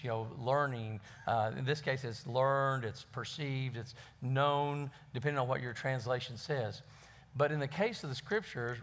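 A man's voice: a little high, fairly bright tone. A man who is a pastor, preaching a conversational sermon in a folksy way and often repeating words as he finds his phrasing.

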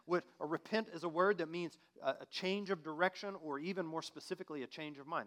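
Male pastor, slightly higher voice, preaching a sermon, loud peaks and hushed asides. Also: fast talker, hardly any pauses. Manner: swings from loud emphatic preaching to quiet, hushed appeals; reads scripture aloud, then asks the listener direct questions.

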